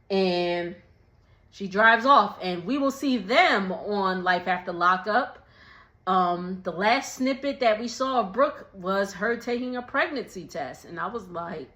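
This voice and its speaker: A woman's voice: mid-range voice, slow, reverberant. A woman casually recapping a reality show episode, laughing often and acting out the quotes. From Texas. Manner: laughs often, animated retelling with voiced quotes. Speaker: recap vlogger.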